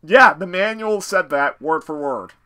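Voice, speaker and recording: A young man chatting casually with friends while streaming a game, telling stories with sudden loud bursts. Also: high voice, a little slow, smooth. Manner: animated storyteller, yells in bursts. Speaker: gaming streamer. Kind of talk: casual gaming chat with friends.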